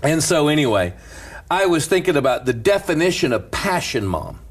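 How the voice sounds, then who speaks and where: A man who is a pastor, telling stories in an animated casual chat and laughing through them. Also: a little high, normal speed, slight background noise.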